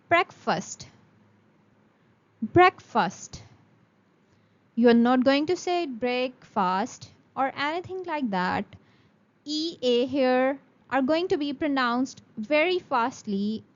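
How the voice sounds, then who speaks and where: A woman teaches a beginner English lesson in a high voice. She talks slowly and carefully and repeats each word for her students. The recording sounds a little dull and lo-fi. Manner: slow, careful, repeats words for practice.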